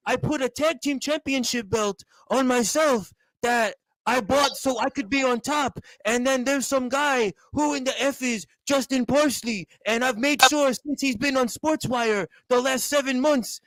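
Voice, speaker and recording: Man doing a smug promoter boss, rambling, mocking, very high, dry close sound. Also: measured pace, few pauses, fairly bright tone, no echo, exaggerated voice, low-quality recording.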